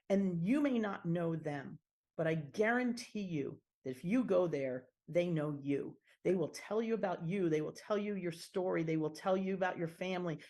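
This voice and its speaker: A woman's voice: lowish voice, mellow. A middle-aged woman from the Washington D.C. area, a podcast guest telling stories in a casual, chatty way full of fillers and restarts. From Washington D.C. area, United States. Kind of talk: casual conversational storytelling.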